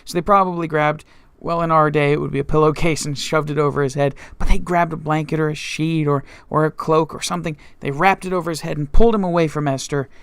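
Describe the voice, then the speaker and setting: A man's voice: on the high side, fairly even intonation, quick pace, a bit bright, smooth, no echo. A male pastor teaching a Bible study, retelling scripture in his own words, with frequent restarts and fillers.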